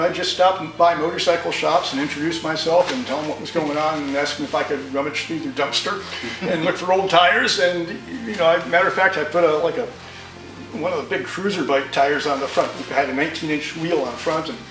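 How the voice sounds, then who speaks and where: A man's voice: fairly high pitch, fairly bright tone, roomy sound, distant mic, low-quality recording. An older man from New York telling stories about his motorcycle in a rambling, folksy way with many restarts. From New York, USA. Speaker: interviewee, motorcycle owner. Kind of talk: storytelling interview.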